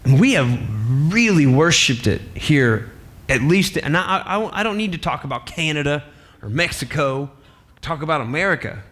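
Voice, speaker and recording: A male pastor delivers a sermon with lively, playful energy and laughs often. His speaking voice sits a little high for a man. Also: moderate pace.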